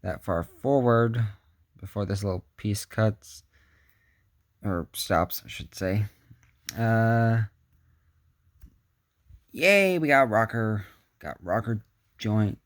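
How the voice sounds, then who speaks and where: A man's voice: fairly low pitch, takes it slowly, pauses often, a little mellow, dry recording. A man giving a casual hands-on action figure review, chatty and muttering asides to himself as he handles the figure.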